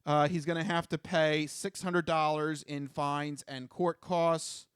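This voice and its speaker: A man's voice: on the high side, level tone, a little slow, smooth, no echo. A man co-hosting a podcast in casual, jokey chat who plugs the show at the close. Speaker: podcast co-host.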